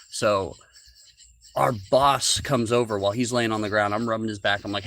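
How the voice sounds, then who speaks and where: A man's voice: on the low side, a little fast, fairly bright tone. A man casually telling a long story from his own life on a podcast, rambling with fillers and restarts. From rural United States.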